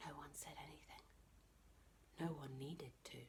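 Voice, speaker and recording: A woman reading a children's book aloud as a librarian, expressive, dropping to a whisper for tense moments. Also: deep voice, normal speed. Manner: expressive, drops to whispers for tension. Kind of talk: children's storybook read-aloud.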